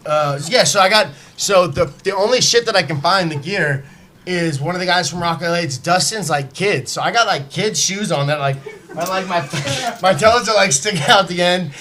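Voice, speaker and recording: Profane, animated male storyteller. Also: high-pitched, moderate pace, slight background noise. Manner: animated, profane, acts out quotes. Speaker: podcast guest telling a story. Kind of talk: casual storytelling. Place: podcast studio, live.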